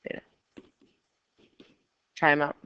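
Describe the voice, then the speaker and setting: A woman's voice: takes it slowly, fairly bright tone, lo-fi sound. Chatty woman teaching a math class. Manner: chatty, coaxing the class with questions. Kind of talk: classroom lecture.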